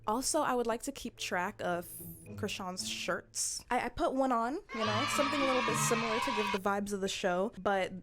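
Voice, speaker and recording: A woman's voice: on the high side, a little fast. Laughing woman vlogger over background music. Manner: playful, laughs often, blunt slangy asides. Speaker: vlogger recapping a reality show. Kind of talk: casual recap commentary.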